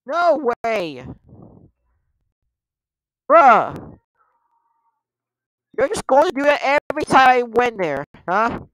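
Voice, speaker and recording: Excitable woman yelling at a game. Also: high voice, fairly quick, hardly any pauses, no room sound, rough recording. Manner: excitable, yelps and exclaims at the game, lots of slang. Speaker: gameplay streamer. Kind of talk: casual gameplay commentary.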